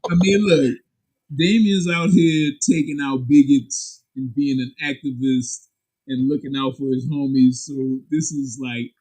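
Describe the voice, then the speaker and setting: A man, a comic book publisher and guest, chatting casually in an animated, candid, slangy way. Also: unhurried, slightly rough, low-quality recording. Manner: animated and emphatic, sharp jumps in pitch. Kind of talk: casual chat.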